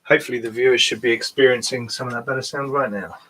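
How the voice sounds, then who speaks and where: A man who runs the group's games, chatting casually and chipping in with quick interjections. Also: medium pitch, steady tone, fairly bright tone, a little hiss or hum. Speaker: co-host and game master. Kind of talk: casual chat.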